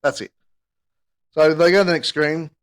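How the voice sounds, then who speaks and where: A man telling a rambling, sweary story in casual podcast chat. He acts out the people he quotes in higher voices. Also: moderate pace, clean tone. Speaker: podcast co-host.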